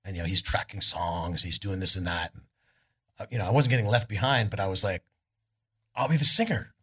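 Husky-voiced man telling stories onstage. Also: deep voice, fast. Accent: Californian. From California. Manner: rambling, animated storyteller, acts out quotes loudly. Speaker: guest, rock singer. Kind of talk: live on-stage storytelling interview. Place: club stage before a live audience.

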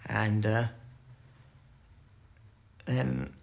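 A man recounting a personal ordeal in halting testimony, full of fillers and restarts. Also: fairly low pitch, sing-song, creaky. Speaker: interviewee recalling captivity.

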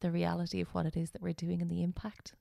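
A woman's voice: on the low side, completely flat delivery, quick pace, creaky, dark tone, no echo, clean studio sound. A woman hosting an interview, reflective and encouraging in casual chat. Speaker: podcast host.

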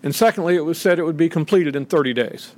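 A middle-aged man giving an impassioned, indignant public speech from a podium, acting out the voices he quotes. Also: quick pace. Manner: indignant, acts out quoted voices with rising pitch. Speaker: speaker at a podium.

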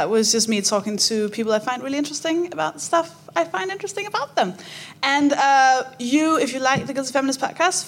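A woman co-hosting a comedy podcast, talking in a relaxed way with filler pauses. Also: a little high. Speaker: podcast co-host. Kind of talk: comedy podcast plugs and promo message.

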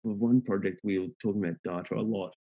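An Australian man with a fairly low voice, chatting easily as a podcast guest. He talks in a relaxed, meandering way and often restarts his sentences. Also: quick pace, breathy edge, highs cut off. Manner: relaxed and rambling, with many restarts. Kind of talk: casual chat.

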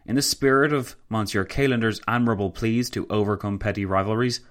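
A man voicing a composed, dignified female stateswoman who speaks firmly and slowly. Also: mid-range voice, a bit bright, voice pushed up, natural voice. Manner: slow, firm, dignified.

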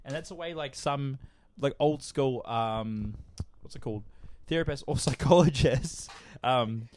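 A man's voice: mid-range voice, measured pace. Laughing, swearing young man. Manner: swearing, laughing, rambling storyteller. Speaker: podcast co-host. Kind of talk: casual chat.

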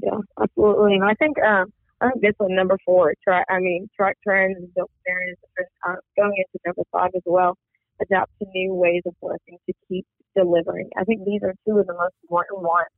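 A man with a high, gravelly voice comes through a tinny phone line as co-host. He reads out marketing points in a casual way, dotted with "um" fillers. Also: little pitch movement, a little fast, dry recording. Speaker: podcast co-host. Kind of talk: casual business chat.

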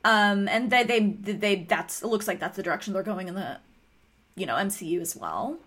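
A woman's voice: medium pitch, expressive, a little fast, fairly bright tone. A woman co-hosting a podcast in casual chat, adding details about the show with frequent agreeing murmurs. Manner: frequent "mm-hmm" backchannel, adds comic-book detail. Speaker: podcast co-host.

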